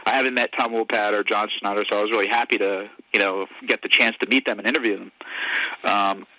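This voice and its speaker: Casual podcast host guy, very bright voice, dry close sound, rambles through stories and does little voices for people. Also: on the low side, fairly even intonation, quick pace, no echo, low-quality recording. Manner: rambling storytelling, acting out quoted voices. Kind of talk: casual chat.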